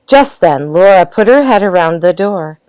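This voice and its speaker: A woman reading a picture book aloud in a gentle, expressive way. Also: lowish voice, moderate pace, clear, resonant tone, dry recording. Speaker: storybook reader.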